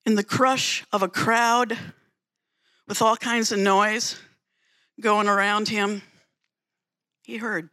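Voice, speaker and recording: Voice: medium pitch, flat delivery, takes it slowly, long pauses, sharp tone. A preacher giving a sermon, retelling a story dramatically with emphatic repetition.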